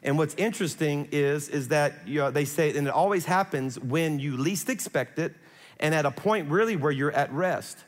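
Middle-aged male pastor, higher-pitched, conversational sermon storyteller, big reverberant hall. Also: moderate pace. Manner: animated, conversational, acts out quotes.

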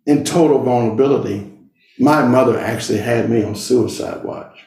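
A middle-aged man telling a personal story to an audience, speaking slowly and earnestly with long deliberate pauses. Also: medium pitch, creaky, a little mellow. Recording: roomy sound from a distant mic.

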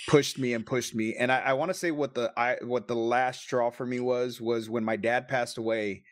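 A man's voice: mid-range voice, dry recording, clean studio sound. A man telling a personal story in a casual, emotional and profane way, sometimes choked up. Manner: emotional, profane, quick bursts.

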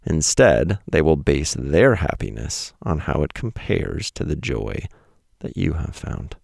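Very animated yet measured in pace, the podcast host, a man in his thirties, reads his weekly writing in a very deep, gravelly voice with a darkish tone. Expect casual, wry self-deprecation and blunt asides, captured in studio quality with no echo.

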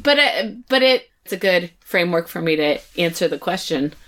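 A woman's voice: fairly low pitch, expressive, normal speed, a bit bright. A woman co-hosting a casual podcast, giggly and hesitant, with many fillers. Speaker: podcast co-host.

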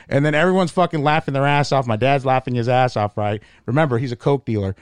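A man telling a crude, rambling story in a casual podcast chat, swearing constantly and speaking with animated energy. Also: medium pitch, fast talker, few pauses, smooth, no room sound. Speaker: comedian podcast host.

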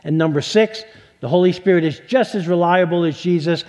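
A male pastor with a fairly high voice works through a numbered list of points in a sermon. He slows down and stretches key words to drive them home. His voice rings out with the long reverb of a big hall. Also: darkish tone.

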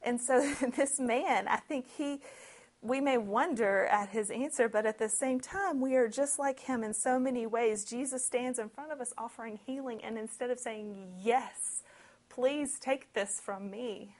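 At a normal speed and with a fairly high voice, a woman preaches, reading from scripture and explaining it in a conversational, expressive style full of lively asides.

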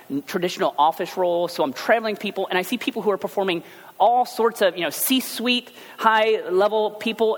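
A man preaching a sermon as pastor, telling everyday stories in a chatty, animated way. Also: fairly high pitch. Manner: conversational storytelling, animated asides. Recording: long hall reverb.

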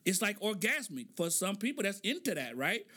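Bright, high-pitched joking man. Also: sing-song, moderate pace. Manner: joking, loose storytelling with laughs. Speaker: podcast host. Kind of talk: casual comedic monologue.

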